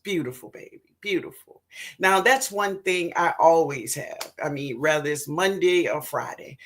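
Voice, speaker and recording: A woman hosting a casual livestream, greeting viewers by name and reading their comments aloud, with affectionate pet names and frequent laughter. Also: lowish voice. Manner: affectionate, calls viewers baby and sweetheart; excitable and laughing. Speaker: livestream host, gardener.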